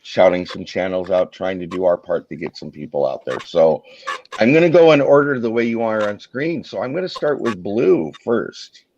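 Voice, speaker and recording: Male host, lowish voice, easygoing chatter, dull lo-fi call audio. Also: big pitch swings, moderate pace, darkish tone, a little hiss or hum. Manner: chatty, self-deprecating, fillers. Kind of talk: casual live-stream chat.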